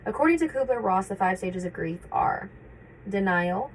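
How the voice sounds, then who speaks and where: Woman, casual reflective vlog talk, mid-pitched voice, faint background hiss, halting with fillers. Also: animated, poor audio. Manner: conversational, reflective, frequent fillers and restarts. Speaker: vlogger sharing personal experience.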